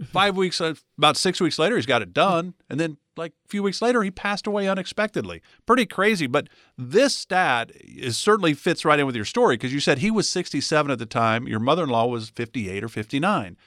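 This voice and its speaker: A man's voice: fairly high pitch, animated, fairly quick, few pauses, a bit bright, no room sound, clean studio sound. A man hosting a financial talk show, chatting casually and giving out a phone number for listeners. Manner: conversational, repeats phone number for callers. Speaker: radio show host.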